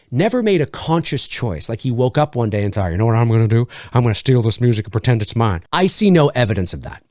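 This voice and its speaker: A man's voice: medium pitch, darkish tone, no echo, clean studio sound. A man from Canada giving a casual, profane film review monologue, acting out imagined critics as he goes.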